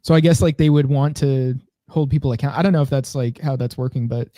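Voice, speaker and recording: A man co-hosting a podcast, casually thinking out loud as he scrolls through and reads posts. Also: mid-range voice, fairly even intonation, quick pace, dry recording, studio quality. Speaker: podcast co-host.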